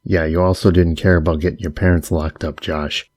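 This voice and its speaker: A man voicing a middle-aged getaway driver in an audiobook, low and calm while he lays out threats. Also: fairly quick, no room sound. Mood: cool, menacing. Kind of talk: audiobook character voice.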